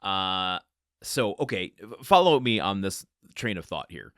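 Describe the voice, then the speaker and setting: A man hosting a book podcast who reads aloud and then thinks out loud, rambling and interrupting himself. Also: low voice, very animated, unhurried, no room sound, clean studio sound. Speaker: podcast host. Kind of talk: book-reading podcast with commentary.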